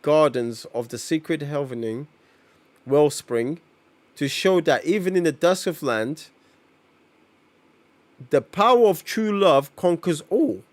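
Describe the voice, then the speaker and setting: A man's voice: a little high, animated, slow, pauses often. A man voicing a solemn officiant at an underworld wedding from a comic, read aloud in a loose, unpolished way.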